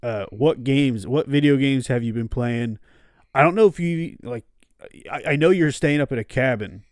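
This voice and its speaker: A man's voice: medium pitch, normal speed, darkish tone, no echo. Joking male podcast host, dry sound. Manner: loose, joking, laughs often. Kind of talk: casual podcast chat.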